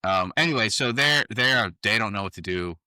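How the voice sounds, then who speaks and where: A man co-hosting a podcast, bantering in a lively, joking way and swearing freely. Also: on the low side, moderate pace, clear, resonant tone, no echo, clean studio sound. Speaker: podcast co-host. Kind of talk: casual recap chat.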